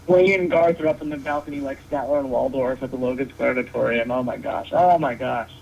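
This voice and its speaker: A man's voice: medium pitch, quick pace, vocal fry, a little mellow. A man guesting as a wrestling referee on a casual podcast, joking and rambling with many restarts. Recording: dull lo-fi sound with faint noise.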